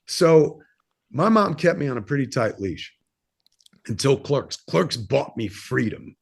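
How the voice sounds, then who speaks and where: A man's voice: medium pitch, sing-song, measured pace, gravelly, slightly rough. Candid, profane man in his fifties. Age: 50s. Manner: candid and rambling, swears freely, lots of fillers. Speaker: podcast guest, filmmaker. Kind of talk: casual interview storytelling.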